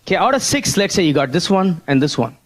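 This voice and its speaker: A high-pitched man gives a motivational business seminar talk. He keeps prodding the audience with rhetorical questions and calls of "Hello?". He explains his points while sketching on a board. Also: sing-song, fast talker.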